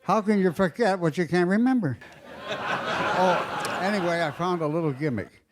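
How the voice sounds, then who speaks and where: An older man telling stand-up jokes at a roast, with a halting, fumbling delivery full of fillers. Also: high-pitched, a little hiss or hum. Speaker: comedian at a roast. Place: banquet dais.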